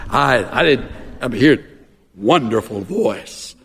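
A pastor preaching a sermon in a folksy, animated way with self-mocking humor. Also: male voice, mid-range voice, a little slow, vocal fry, big-room sound, a little hiss or hum.

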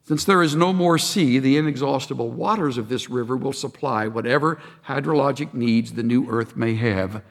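A man delivers a sermon at a middle pitch, his words carrying a long reverb through a large hall. He preaches in a measured way, lifting his voice for emphasis and slowing down on key phrases. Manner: measured preaching with rising emphasis and slow pauses. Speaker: pastor.

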